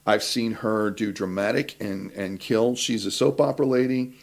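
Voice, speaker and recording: A man's voice: lowish voice, steady tone, moderate pace, gravelly. A man co-hosting a casual talk show, telling a rambling anecdote with many fillers and restarts. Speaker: talk show co-host, actor.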